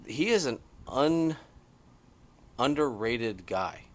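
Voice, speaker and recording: Animated middle-aged man, podcast co-host. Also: slow pace. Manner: animated, excitable storytelling with big swings in pitch. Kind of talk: casual chat. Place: porch, outdoors.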